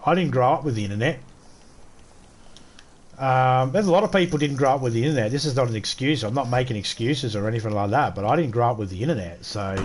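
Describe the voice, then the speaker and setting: A middle-aged Australian man streaming a game, ranting bluntly and swearing in casual chat. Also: medium pitch. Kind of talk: casual rant while streaming.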